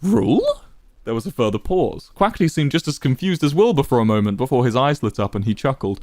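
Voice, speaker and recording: Brief: male narrator reading dramatic fan fiction; lively, mid-pitch, dry. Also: fast, no echo. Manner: expressive, varied storytelling.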